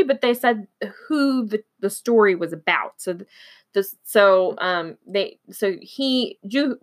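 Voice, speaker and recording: A woman from Oklahoma chatting casually as a host, rambling with fillers, restarts and frequent giggles. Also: on the high side. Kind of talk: casual chat.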